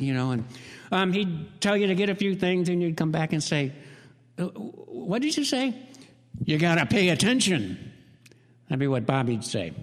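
High-voiced man preaching in a reverberant hall. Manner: conversational, anecdotal preaching with rising emphatic repetition. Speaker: pastor. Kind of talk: sermon.

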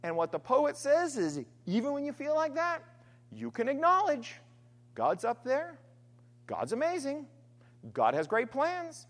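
Woman, preacher, sermon, earnest, emphatic, very lively pitch, long hall reverb. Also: unhurried. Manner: earnest, emphatic, swings between loud stress and quiet trailing lines.

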